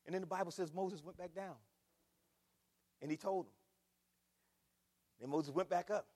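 High, husky middle-aged preacher in a hall. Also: male voice, normal speed. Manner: emphatic, swings between shouting and hushed tones. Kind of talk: sermon. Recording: long reverb of a large hall.

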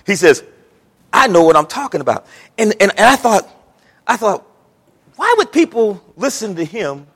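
Male preacher, high and lively voice, folksy animated sermon delivery, echoing church hall. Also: normal speed, pauses often, breathy edge. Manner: animated preaching, Southern folksy speech, acts out quotes. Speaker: pastor.

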